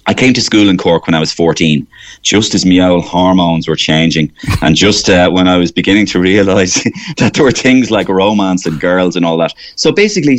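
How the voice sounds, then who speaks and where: A man from Waterford with an Irish accent, a comedian rambling animatedly in a radio studio interview. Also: low-pitched. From Waterford, Ireland. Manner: rambling, animated storyteller, slips into voices. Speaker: guest comedian.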